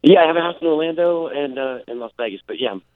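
A man calling in as a comedy guest, speaking in a husky morning voice and joking about himself. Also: fairly high pitch, animated, fast talker, no room sound. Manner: self-mocking, playful. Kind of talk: joking phone interview. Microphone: phone line. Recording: tinny phone line.

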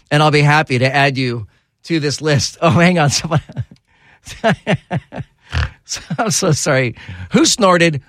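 A man hosting a talk radio show, chatting casually and getting animated and exasperated, his voice jumping high when riled up. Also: no echo. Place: radio studio.

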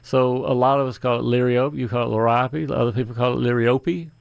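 A man's voice: mid-range voice, little pitch movement, quick pace, creaky, no room sound, muffled recording. A man hosting a call-in garden radio show, chatting in a folksy, rambling way with asides.

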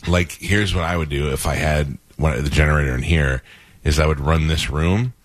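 A man's voice: very deep voice, moderate pace, dry recording. A man hosting morning radio, teasing callers with blunt, crude jokes and talking things through casually. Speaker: radio host. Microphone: studio mic.

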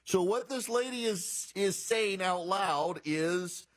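A man hosting a political radio talk show, with a voice pitched a little high for a man. He reads passages aloud and breaks off into sarcastic, incredulous commentary. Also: takes it slowly, few pauses.

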